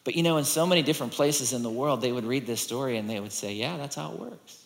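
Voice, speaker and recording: A man preaching a sermon in a conversational, animated way, reading scripture and acting out the people in it. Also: medium pitch, fast talker. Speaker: pastor. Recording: long hall reverb.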